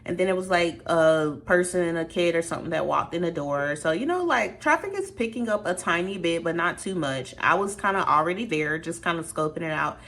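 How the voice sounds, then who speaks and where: A young adult woman telling a story in a chatty, animated way, with dramatic asides to her viewers. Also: fairly low pitch, fairly quick, few pauses. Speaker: vlogger. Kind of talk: storytime vlog.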